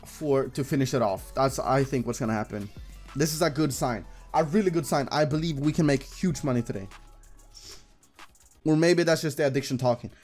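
Excitable young man commenting on slots. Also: mid-range voice, a little fast, soft background music. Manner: excitable, swearing, talks to the screen. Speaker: gambling streamer. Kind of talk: casual live slot commentary.

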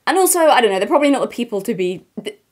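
A woman's voice: a little high, very animated, very fast. A woman giving chatty, opinionated commentary on her channel, with frequent ums. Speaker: commentary vlogger. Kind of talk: casual commentary.

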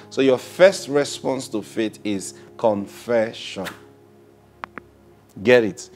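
A man's voice: on the low side, a little mellow. A man preaching a sermon, drawing out key words and repeating himself as he builds each point. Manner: drawn-out emphatic phrasing with repetitions.

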